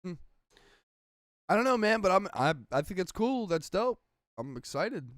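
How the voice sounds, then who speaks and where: A man's voice: sits high, sing-song, moderate pace, a bit bright, no echo, studio quality. A young man hosting a casual podcast chat, enthusiastic, swearing freely and laughing often. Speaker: podcast host.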